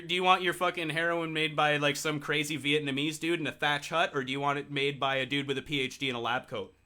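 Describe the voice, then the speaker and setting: A young podcast co-host chats in a laid-back, joking, and profane way. His medium-pitched voice sounds pushed and bright.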